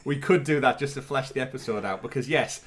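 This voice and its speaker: A man's voice: mid-range voice, quick pace. Male podcast co-host, casual, chatty, mid-range voice, fillers and laughs.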